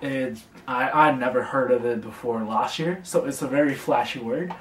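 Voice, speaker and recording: A young man teaching a casual beginner language lesson, speaking slowly and patiently and repeating phrases for the learner. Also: medium pitch, recorded from a distance. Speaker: language tutor. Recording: echoey room, voice from off the mic.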